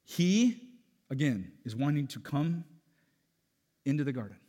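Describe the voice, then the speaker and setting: A man preaching a sermon as pastor, animated and joking, with loud emphatic peaks. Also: medium pitch, measured pace, long pauses. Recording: long hall reverb.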